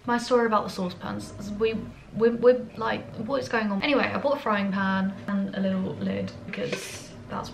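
A woman's voice: mid-range voice, steady tone, creaky, a little hiss or hum, low-quality recording. Chatty young British woman vlogging. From England. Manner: chatty, self-deprecating, quick asides. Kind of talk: casual vlog storytelling. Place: her apartment indoors. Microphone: compact camera mic.

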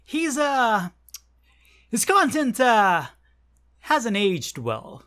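Sarcastic Dutch woman with a lively voice. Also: on the high side, extremely slow, slight background noise. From Netherlands. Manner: sarcastic, profane, mocking. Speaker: YouTube commentator. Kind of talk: scripted commentary narration.

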